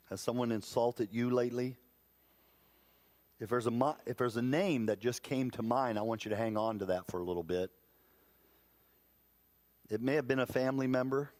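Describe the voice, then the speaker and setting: A pastor preaching a sermon to a congregation, telling stories in a conversational way, often restarting and repeating words mid-thought and laughing at himself. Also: male voice, medium pitch, a little mellow. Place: church sanctuary before a congregation.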